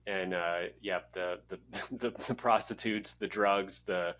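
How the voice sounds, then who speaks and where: A man's voice: sits low, fairly even intonation, a little slow, fairly bright tone, slight background noise. A man co-hosting a podcast, talking casually in a rambling, laid-back way, swearing and laughing. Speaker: podcast co-host.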